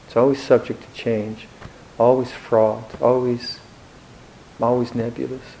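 A man giving a Buddhist dharma talk in a reflective, gently humorous way, with hesitant restarts. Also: medium pitch, level tone, unhurried, gravelly, slight background noise, poor audio. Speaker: Buddhist monk teacher.

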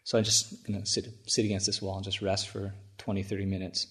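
Low-voiced chuckling monk telling a story. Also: male voice, completely flat delivery, a bit bright, husky. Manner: chuckling, halting with many restarts. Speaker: Buddhist monk. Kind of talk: storytelling talk.

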